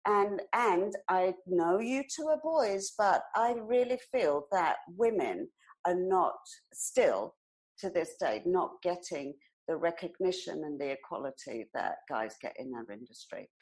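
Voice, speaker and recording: A British woman in her sixties, a hairdressing educator appearing as a guest, tells stories conversationally and laughs as she goes. Her voice is lowish and a little slow, her British accent carries some American twang, and she comes across as animated and expressive on a rough recording.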